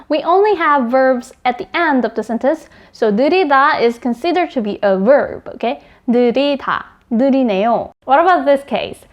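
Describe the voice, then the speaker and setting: Quick, high-voiced Korean teacher woman. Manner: repeats example phrases quickly and checks in with "okay?" and "right?". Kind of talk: explaining grammar with spoken example sentences.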